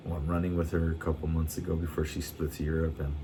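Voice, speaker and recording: A middle-aged man with a very low voice, talking in a laid-back, rambling way. He swears casually and trips over his own words as he restarts sentences. Faint ambient noise sits behind him. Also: flat delivery, fast. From United States. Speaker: vlogger. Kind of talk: casual chat.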